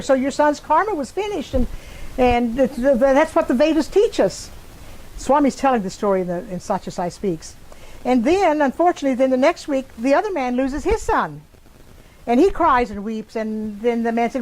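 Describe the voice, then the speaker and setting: An older woman telling a personal story in an interview, pausing often with fillers and restarts. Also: a little high, a little mellow, low-quality recording. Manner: halting, many fillers and restarts. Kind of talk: casual spoken recollection.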